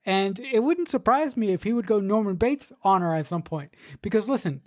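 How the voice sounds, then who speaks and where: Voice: mid-range voice, animated, moderate pace, dry recording, clean studio sound. A podcast co-host casually discussing a film, rambling, restarting sentences and swearing.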